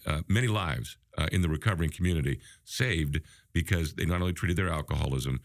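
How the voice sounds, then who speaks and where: A middle-aged man with a very low voice talks earnestly on a recovery radio show, often pausing and restarting his thoughts. The sound is dry and close. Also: no echo. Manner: earnest, reflective, halting with restarts. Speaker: co-host. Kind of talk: casual radio talk.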